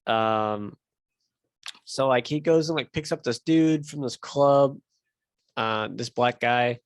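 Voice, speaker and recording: A young man tells a long story in loose casual chat, swearing freely and leaning on fillers. His voice sits at an ordinary pitch. The sound is dry and close, with almost no room in it. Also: slow pace, smooth, dry recording. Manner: rambling, profane, filler-heavy storytelling. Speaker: podcast host.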